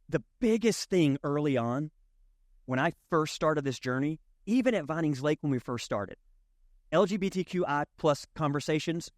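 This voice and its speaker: Male pastor, slightly high voice, dry close sound, chatty storytelling sermon with quoted voices. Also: dry recording. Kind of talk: conversational sermon. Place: church.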